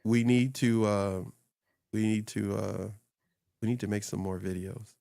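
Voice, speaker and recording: Low-voiced man in animated casual chat. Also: a little slow, gravelly, dry recording, clean studio sound. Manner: rambling and animated, laughing often and acting out quoted voices. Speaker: podcast co-host and social media coach. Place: small home studio upstairs.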